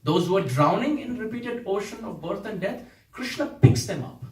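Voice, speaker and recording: A man's voice: high voice, expressive, normal speed, darkish tone. Dramatic male storyteller in an echoey hall. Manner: dramatic storytelling, voices the saints' dialogue with rising emotion. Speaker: spiritual teacher. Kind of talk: devotional storytelling lecture. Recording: echoey room, voice from a distance.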